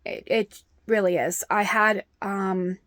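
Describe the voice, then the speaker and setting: A woman's voice: mid-range voice, fairly even intonation, slow, a bit bright, no echo, studio quality. A middle-aged woman telling an upsetting personal story in a vlog, rambling with many ums. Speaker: vlogger.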